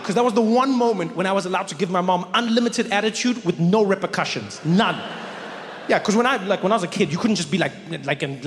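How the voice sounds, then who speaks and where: High-voiced man doing stand-up. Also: slight background noise. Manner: animated storytelling with frequent self-interruptions. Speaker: comedian. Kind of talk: stand-up comedy. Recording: live venue with long reverb.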